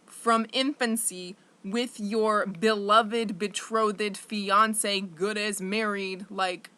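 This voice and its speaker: A young woman talking candidly to camera in a rambling, profane confessional monologue, full of fillers and flaring into loud anger. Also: mid-range voice, steady tone, takes it slowly, few pauses.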